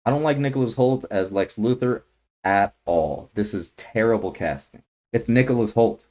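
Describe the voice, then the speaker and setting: Profane, ranting man with a lowish voice. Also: normal speed, warm tone. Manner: profane, heated, blunt. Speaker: YouTuber reacting to a movie trailer. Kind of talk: ranting trailer reaction.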